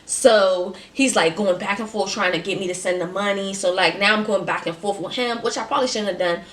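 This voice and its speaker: A woman in her twenties telling a storytime vlog in a casual, animated and sassy way, full of slang. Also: mid-range voice, fairly quick, far from the mic. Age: 20s. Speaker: vlogger. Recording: roomy, off-mic.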